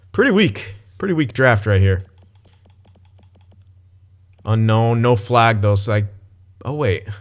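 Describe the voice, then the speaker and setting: A young man casually commenting on his gameplay as he plays, thinking aloud, swearing and blurting sudden excited outbursts. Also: lowish voice. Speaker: gaming channel host.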